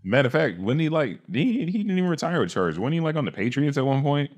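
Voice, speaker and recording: A man's voice: medium pitch, sing-song, quick pace, dull audio. A man co-hosting a podcast in casual chat, telling stories in a laid-back way and swearing freely. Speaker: podcast co-host.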